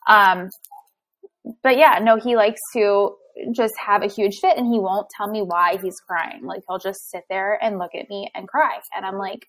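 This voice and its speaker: A woman's voice: mid-range voice, moderate pace. A young woman co-hosting a casual parenting podcast, telling frank stories and acting out exchanges with her family. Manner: frank, animated storytelling, acts out exchanges. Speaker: podcast co-host, mother. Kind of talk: casual chat.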